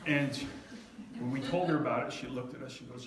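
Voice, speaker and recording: A middle-aged man telling a personal story to an audience, animated and self-mocking, often laughing. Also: medium pitch, fast talker. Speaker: speaker at a live event. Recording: echoey hall from far off, faint noise.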